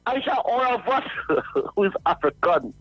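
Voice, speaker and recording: A man calling in to a radio show, ranting in a high voice, laughing through his words and mocking a critic again and again. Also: big pitch swings, moderate pace, slightly rough, dry recording, dull audio, soft background music. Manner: repetitive, mocking, addresses a critic by name. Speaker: radio caller. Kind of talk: ranting call-in. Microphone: phone line.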